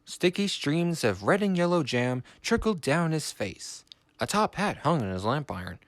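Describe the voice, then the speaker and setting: A man's voice: fairly high pitch, no echo. Man reading a children's story. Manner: measured, expressive reading. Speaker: narrator. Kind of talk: storybook narration.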